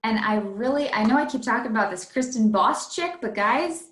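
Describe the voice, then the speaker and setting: A woman on a team call, sharing thoughts with her teammates in a warm, unhurried way. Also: a little high, animated, reverberant. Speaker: team member. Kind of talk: casual call chat.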